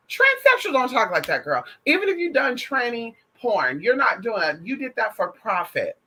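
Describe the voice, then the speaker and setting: High, bright-voiced sassy trans woman. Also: huge pitch swings, moderate pace, hardly any pauses, breathy edge, rough recording. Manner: sassy and emphatic, heavy profanity, calls the audience mama, honey and girl. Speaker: vlogger. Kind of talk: casual opinion monologue to camera.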